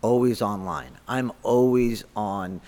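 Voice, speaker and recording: A man in his fifties, a martial arts instructor guest on a podcast, telling stories in a blunt, profane, animated way. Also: lowish voice, takes it slowly, in a large hall. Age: 50s. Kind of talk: casual podcast interview storytelling.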